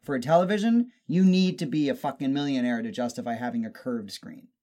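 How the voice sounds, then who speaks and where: A man's voice: mid-range voice, brisk, warm tone. A young man co-hosting a casual chat, ranting and joking with lots of swearing. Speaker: podcast co-host.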